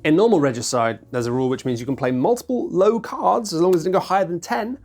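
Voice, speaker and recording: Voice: medium pitch, fast, a little mellow, faint music behind. A board game reviewer talking to camera in a chatty, self-mocking way, acting out players' lines in mock voices.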